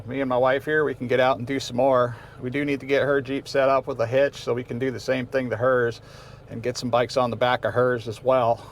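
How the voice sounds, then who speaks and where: A man's voice: mid-range voice, a little hiss or hum. A man in his fifties hosting a casual vlog, talking in an easygoing, rambling way with many restarts. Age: 50s. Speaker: vlog host.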